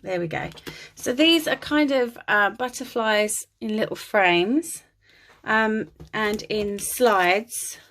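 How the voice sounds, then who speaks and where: A woman speaks slowly to camera about her crafts, her medium-pitched voice fairly bright. She's chatty but apologetic, with plenty of ums, and seems tired and somewhat winded. She is filmed at home on a phone in a holder.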